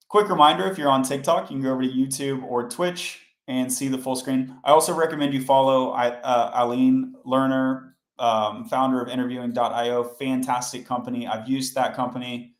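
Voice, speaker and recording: A man's voice: medium pitch, fairly even intonation, fairly quick. Chatty man teaching code live, roomy sound. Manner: chatty, explains step by step, talks to chat. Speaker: coding livestream host. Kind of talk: casual live coding tutorial. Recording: roomy echo.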